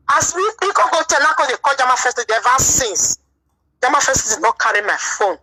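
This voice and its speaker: A woman's voice: high-pitched, pushed and bright, low-quality recording. A woman speaking Nigerian Pidgin English, telling an aggrieved personal story in a vlog monologue, full of repetitions. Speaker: vlogger.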